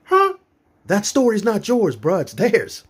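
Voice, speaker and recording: A man's voice: high voice, a little slow, husky. A young man from Florida telling profane, incredulous stand-up comedy stories about his own life. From Florida, USA. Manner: profane, animated, incredulous storytelling.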